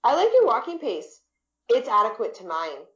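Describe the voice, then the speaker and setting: A woman's voice: on the high side, huge pitch swings, normal speed, lo-fi sound. A woman voicing an awkward, blunt adult man who makes oddly formal remarks, read in an echoey room.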